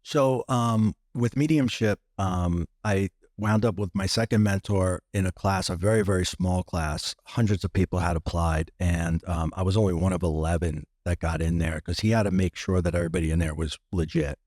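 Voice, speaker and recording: Low-voiced guy on a podcast telling his story, acts out the voices, dry sound. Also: moderate pace, hardly any pauses, no echo. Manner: animated storyteller acting out dialogue, many restarts. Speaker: podcast guest, medium.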